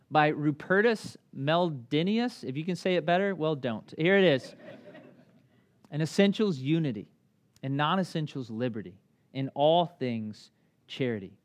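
Male pastor in his thirties, casual sermon delivery, lively pitch swings, slightly high voice. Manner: conversational, animated with acted asides.

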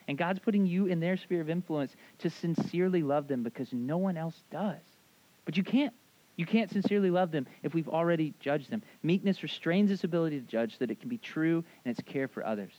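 A youth pastor preaching in a loose, conversational way, stacking fillers and tag questions as he tells stories. His voice sits a little high for a man. The recording sounds dull and lo-fi. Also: brisk, mellow. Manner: rambling, filler-heavy storytelling with frequent "right?". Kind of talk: casual conversational sermon.

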